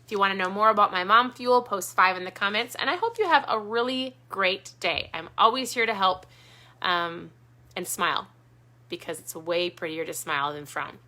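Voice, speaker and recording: A woman speaks directly to her viewers in an earnest, motivating way. Her voice is bright and clear, at a middling pitch. She keeps returning to the same encouraging points. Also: moderate pace. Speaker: keto vlogger.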